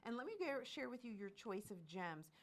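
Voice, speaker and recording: A woman hosting a live shopping stream, bubbly and quick to laugh, with lively sales patter. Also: mid-range voice, slight background noise. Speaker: shopping channel host.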